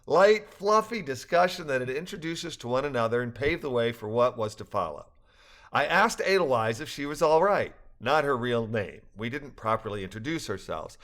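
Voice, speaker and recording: An older man reads his own story aloud in an earnest, reflective way. His voice sits at an ordinary middle pitch, and soft laughs slip in now and then. He sounds sincere and thoughtful. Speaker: narrator. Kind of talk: reading a personal story aloud.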